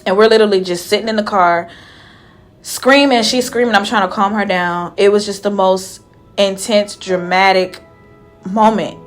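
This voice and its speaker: A woman's voice: medium pitch, steady tone, normal speed, soft background music. Chatty young woman vlogger retelling a story. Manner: chatty, emotional retelling, often trailing off softly. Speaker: hairstylist vlogger. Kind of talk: casual storytelling to camera.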